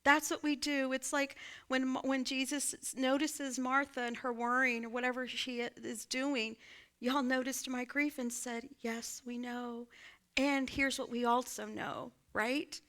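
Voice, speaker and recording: A woman's voice: sits high, little pitch movement, a little slow. A woman pastor, preaching a sermon and telling a personal story, often asking her listeners "right?". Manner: warm conversational, asks congregation "right?". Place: church sanctuary.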